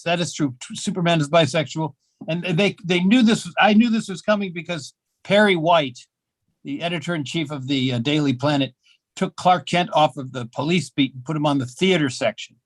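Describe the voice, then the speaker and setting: Older man, stand-up comic, deadpan and self-mocking, lots of uh fillers, slightly high voice, dry close sound. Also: moderate pace, dry recording. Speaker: stand-up comedian. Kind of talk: stand-up set at an open mic. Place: small comedy club.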